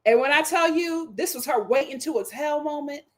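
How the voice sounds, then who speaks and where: A woman with a bright, high voice recapping a dating show on a live stream. She is sassy and dramatic, leaning on slang. She calls out the contestants as if they could hear her. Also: a little fast, noisy background. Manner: speaks directly to the people she discusses. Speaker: reality TV review host.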